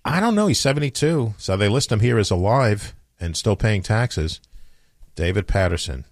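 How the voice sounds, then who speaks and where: Low-voiced man hosting casual radio chat. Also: lively intonation, normal speed, no echo, clean studio sound. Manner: rambling, offhand, many fillers and restarts. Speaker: radio show host.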